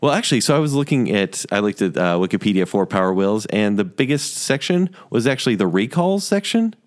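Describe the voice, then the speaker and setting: A man co-hosting a podcast, chatting casually in a playful, lively way. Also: on the low side, a little fast. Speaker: podcast co-host. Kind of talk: casual chat.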